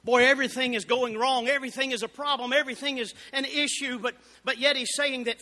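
High-voiced fervent preacher in a hall. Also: male voice, fairly even intonation, quick pace, hardly any pauses. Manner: fervent, builds to shouting exclamations. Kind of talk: Southern Baptist sermon. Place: church sanctuary. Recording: reverberant church hall.

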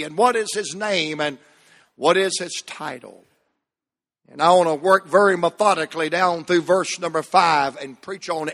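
A man preaching a sermon as pastor, slow and emphatic, drawing out key words. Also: high voice, sharp tone, long reverb tail. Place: church sanctuary.

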